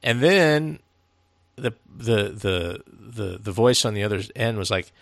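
A man with a low, gravelly voice rambles through a casual podcast chat. He tells his story in fits and starts, with fillers, restarts and swearing. The sound is dry and close, with no room in it. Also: expressive, unhurried, fairly bright tone, dry recording. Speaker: podcast co-host.

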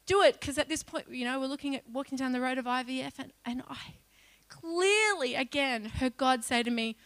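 A woman giving an emotional personal testimony as a church speaker, acting out her own pleas loudly as she tells the story. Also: sits high, normal speed, dry recording. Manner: emotional storytelling that breaks into loud pleading re-enactments.

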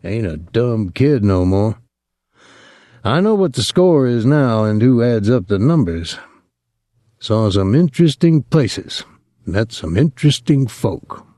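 A man reading as a young soldier from Saint Louis, talking in a soft, lazy drawl with an ironic edge. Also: mid-range voice, big pitch swings, takes it slowly, no room sound, studio quality.

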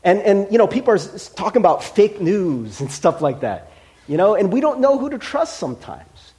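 Animated, joking male pastor. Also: sits high, moderate pace. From Cincinnati, Ohio. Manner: animated and joking, acting out quoted voices. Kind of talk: conversational sermon.

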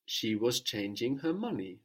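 A man's voice: medium pitch, big pitch swings, measured pace. Patient male language teacher. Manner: patient, prompting with questions and repeating answers. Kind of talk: guided language lesson.

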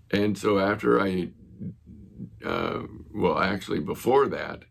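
A male pastor with a low, heavily gravelly voice and a husky edge. He preaches earnestly and tells a story from his church along the way. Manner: earnest, retells conversations. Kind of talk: sermon with storytelling.

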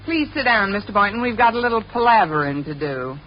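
An actress playing a quick-witted female schoolteacher in a 1950s radio sitcom, breezy and wisecracking, heard in an old radio broadcast with audience laughter and hiss. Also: medium pitch, animated, dull audio, natural voice.

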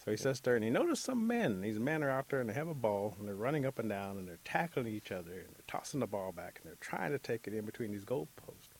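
A man telling a traditional story as a guest, in a relaxed, animated way. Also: on the low side, fast, few pauses, slight background noise.

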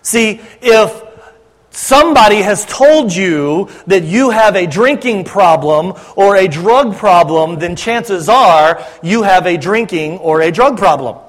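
Man, pastor, high voice, chatty joking sermon, long reverb. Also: animated, slow pace. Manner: conversational, joking, addresses congregation directly.

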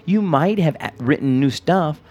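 A man's voice: moderate pace, breathy edge. A man talking about his comedy act in a casual interview, rambling with many restarts and repeated words. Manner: lively pitch, jumps into high impressions. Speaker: comedian guest.

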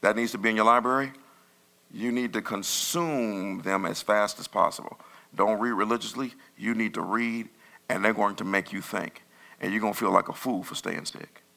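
A man preaching a sermon as pastor, talking in a loose, conversational way with sudden loud bursts. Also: fairly low pitch, steady tone, moderate pace, vocal fry.

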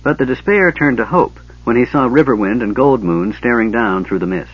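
A man reading a fantasy story aloud as a steady narrator. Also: mid-range voice, moderate pace, slightly rough, dull audio. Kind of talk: scripted narration.

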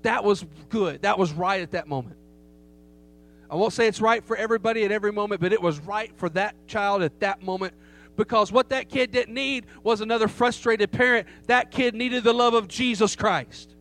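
High-voiced preacher man telling a story. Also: moderate pace, a bit bright. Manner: emphatic, rhetorical questions to the congregation. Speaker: pastor. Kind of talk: sermon with storytelling. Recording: faint hum behind the voice.

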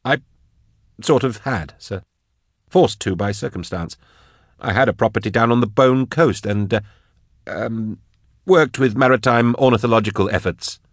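A man voicing a prickly, defensive older male biologist in an audiobook, talking quickly and indignantly. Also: no echo, clean studio sound, natural voice. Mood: flustered. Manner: indignant, quick, higher pitched. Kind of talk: audiobook narration.

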